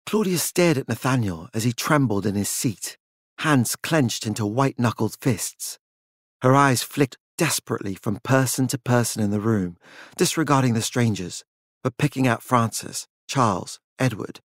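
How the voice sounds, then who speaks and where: In studio-quality audio without any room sound, a male narrator with a medium-pitched voice reads a short story aloud. His delivery is steady and measured, as scripted narration.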